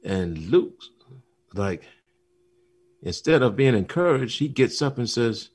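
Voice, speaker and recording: A man co-hosting a casual talk show, telling a story with animated retellings and acted-out lines. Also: mid-range voice, slow. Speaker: podcast co-host. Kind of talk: casual chat.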